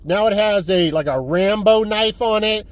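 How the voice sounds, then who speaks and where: A movie collector vlogger with a fairly high voice talks at a normal speed through a casual haul review, retelling a plot in a rambling, animated way. He swears freely and restarts sentences; there's no room sound, though vehicle noise is faintly heard.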